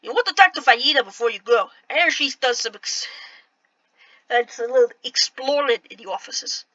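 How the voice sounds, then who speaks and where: A woman's voice: sits high, expressive, pushed and bright, no room sound, dull audio. A woman reading a worldly city informant's lines from a game, trying for an accent and stumbling over restarts. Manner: halting, reads lines with restarts. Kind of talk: reading game dialogue aloud with an attempted accent.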